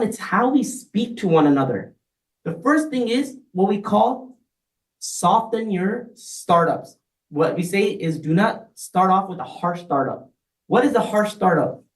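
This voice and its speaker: A man's voice: sits high, reverberant, distant mic, low-quality recording. A man giving a conversational community talk on marriage, often checking in with the audience by asking "right?". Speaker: speaker.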